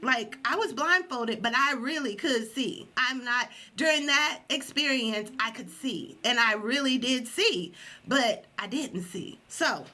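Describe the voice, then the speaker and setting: A woman podcast host telling a story in a casual live stream, animated and acting out quotes. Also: measured pace. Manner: animated, acts out quotes with high yelps.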